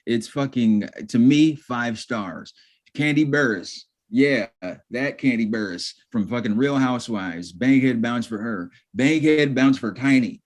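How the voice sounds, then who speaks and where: A man's voice: medium pitch, a little slow. A man co-hosting a podcast in casual chat, slangy and swearing freely. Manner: slangy and profane, calls people bro. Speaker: podcast co-host.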